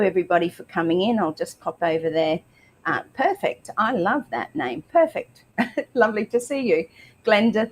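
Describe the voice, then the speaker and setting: A woman's voice: on the low side, a little hiss or hum, low-quality recording. Chatty Australian woman hosting a livestream. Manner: chatty, warm greetings to viewers, many fillers. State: slight throat tickle. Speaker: livestream host. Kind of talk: upbeat live show welcome.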